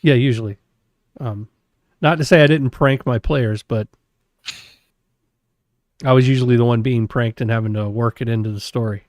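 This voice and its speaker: A man's voice: mid-range voice, steady tone, normal speed, long pauses, a little mellow, dry recording, clean studio sound. A man chatting casually on a stream, matter-of-fact as he explains things. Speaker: stream guest, former game master. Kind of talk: casual chat.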